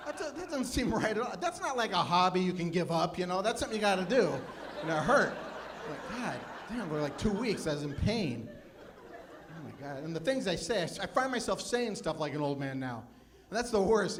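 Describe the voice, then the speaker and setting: A man's voice: high-pitched, noisy background. A man in his fifties doing a live stand-up comedy set, self-deprecating and chatting with the crowd. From Phoenix, USA. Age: 50s. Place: live comedy club with audience.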